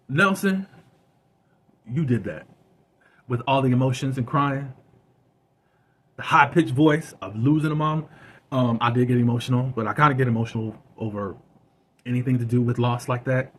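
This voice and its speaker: A man hosting a web series review channel, chatting casually about an episode with plenty of fillers. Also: medium pitch. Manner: chatty and conversational, with many fillers.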